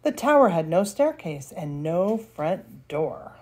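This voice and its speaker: An older woman, a grandmother, reading a picture book aloud with lively expression. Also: on the low side, takes it slowly, slight background noise. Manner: expressive, laughs between lines. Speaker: storyteller.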